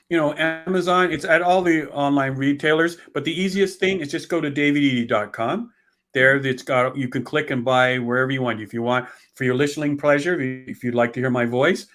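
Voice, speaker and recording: A man's voice: on the high side, moderate pace, fairly bright tone. A man, a guest author in a conversational interview, who rambles, restarts often and acts out complaining heirs. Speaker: author and guest on estate planning.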